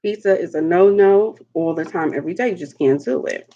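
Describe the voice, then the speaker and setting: A woman's voice: lowish voice, a little fast, mellow, dull audio. A young adult woman hosting a live seafood eating show at home, chatting playfully and laughing often, calling viewers honey and darling. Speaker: mukbang host. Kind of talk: live-stream eating chat.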